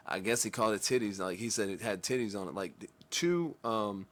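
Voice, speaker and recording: A man's voice: on the low side, moderate pace, fairly bright tone. A man hosting a reaction video, talking casually in a rambling, self-correcting way with slang.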